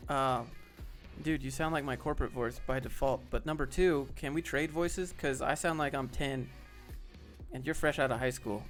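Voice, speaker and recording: A man's voice: medium pitch, steady tone, moderate pace, soft background music. Casual man hosting a live stream. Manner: casual, joking, talks to chat by name. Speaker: host.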